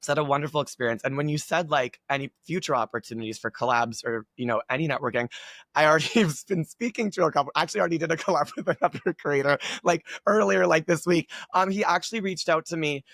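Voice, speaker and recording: A man with a slightly raised pitch talks as a guest in a casual chat. He gushes in an upbeat way and packs his sentences with filler words. The sound is close and dry, with no room around it. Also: fast talker, gravelly, a bit bright, no room sound. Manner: gushing, upbeat, heavy use of filler words. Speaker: guest content creator.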